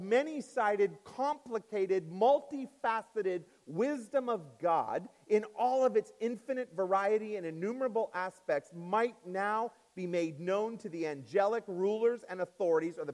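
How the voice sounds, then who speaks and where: A man preaching a sermon as pastor in a church, swinging up and down in pitch and loudness and stretching out key words. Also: long reverb tail. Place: church sanctuary.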